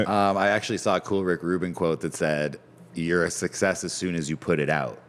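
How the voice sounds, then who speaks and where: A man's voice: sits low, steady tone, brisk, big-room sound. A man hosting a podcast in a pub's back bar, easygoing and asking open questions in casual chat. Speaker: podcast host.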